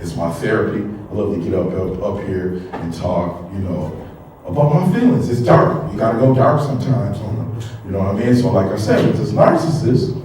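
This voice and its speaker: A man's voice: on the low side, moderate pace, darkish tone, heavy reverb, recorded from a distance, a little hiss or hum, rough recording. A man doing a stand-up comedy set on stage, telling loose stories full of asides. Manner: loose storytelling with frequent asides.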